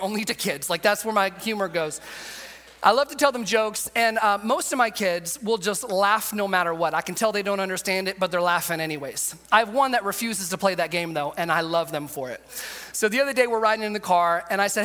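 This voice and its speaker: Bright-voiced preacher in an echoing hall. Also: male voice, high voice, brisk. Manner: earnest, conversational, acts out quotes. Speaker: pastor. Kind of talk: sermon with storytelling. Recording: long hall reverb.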